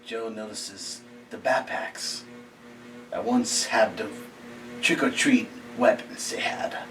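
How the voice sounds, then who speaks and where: A man reads a Halloween horror tale at an unhurried, deliberate crawl, his voice sinking into breathy near-whispers at the tense moments. He sounds set back from the microphone, with a faint hiss underneath. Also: on the low side, fairly even intonation. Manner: slow and halting, dropping to hushed near-whispers. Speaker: storyteller. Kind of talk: reading a scary short story aloud. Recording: distant mic with faint background hiss.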